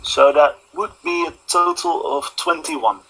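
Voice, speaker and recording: Bright, gravelly-voiced young man player. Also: on the high side, measured pace, slight background noise, rough recording. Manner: hesitant, asks questions. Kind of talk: casual game table chat.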